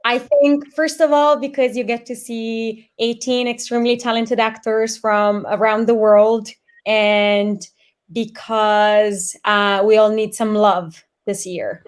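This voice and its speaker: Upbeat woman with a higher voice. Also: flat delivery, slow pace, clean tone. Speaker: guest actor. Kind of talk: interview answer.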